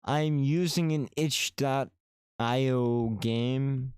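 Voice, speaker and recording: Male streamer, reads game text aloud, wry asides, smooth voice, dry close sound. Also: medium pitch, drawn-out words, a little mellow, no room sound. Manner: casual, wry asides to chat. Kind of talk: let's-play commentary, reading game text aloud.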